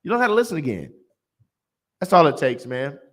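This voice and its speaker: Emphatic man with a lively, swooping voice. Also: on the high side, fairly quick. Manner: emphatic, blunt, repeats himself for effect. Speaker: class teacher. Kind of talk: preachy religious class lecture.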